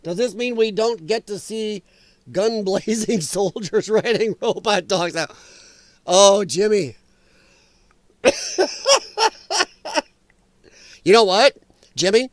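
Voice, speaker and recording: A man hosting a casual political commentary livestream, rambling and quick to laugh while he reads the chat. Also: sits high, expressive, dry recording. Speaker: livestream host reading chat.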